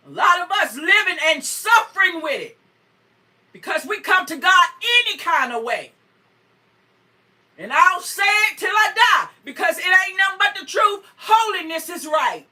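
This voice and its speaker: High-pitched fervent woman preacher, whooping. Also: lively intonation, measured pace, pauses often, recorded from a distance. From North Carolina. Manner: fervent preaching, frequent whoops and shouts, greets viewers by name. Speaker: preacher on a morning show. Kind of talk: sermon.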